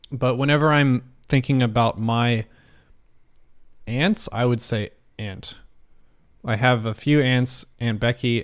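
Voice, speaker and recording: A young man from the United States chats his way through an online quiz on a live stream. His pitch sits at an everyday middle level, and his delivery is loose and conversational. He reads each question aloud, jokes and throws in the odd swear word.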